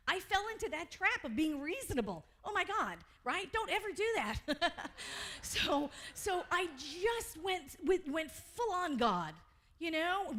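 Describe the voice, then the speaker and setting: High-voiced woman preaching a lively sermon. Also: moderate pace. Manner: animated storytelling, frequent laughter. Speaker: reverend.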